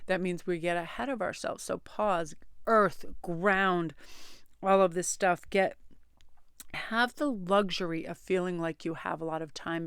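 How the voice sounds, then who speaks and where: A woman tarot reader talking casually to her camera, rambling and animated as she tells everyday stories. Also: fairly low pitch, smooth, no room sound, clean studio sound. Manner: chatty, rambling, animated storyteller. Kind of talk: casual chatty vlog. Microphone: close camera-mounted mic.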